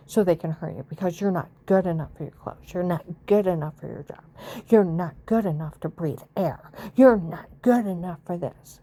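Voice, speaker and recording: A woman's voice: on the low side, a little fast, warm tone. A woman from the United States in an angry, rambling monologue, swearing and repeating her accusations.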